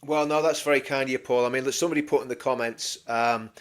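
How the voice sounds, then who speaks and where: A man co-hosting a casual livestream chat, telling a story and acting out other people's voices as he goes. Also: fast. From England. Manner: animated anecdote-telling, mimics voices with big pitch jumps. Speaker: co-host of a political livestream.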